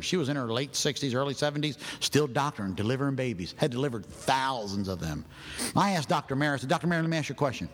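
A man preaching a sermon in a folksy storytelling manner that builds to shouting. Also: on the high side, slightly rough, long reverb tail. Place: church.

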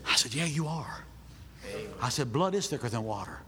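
A man preaching a sermon in a folksy storytelling manner that builds to shouting. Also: mid-range voice, lively intonation, moderate pace, in a large hall, a little hiss or hum. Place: church.

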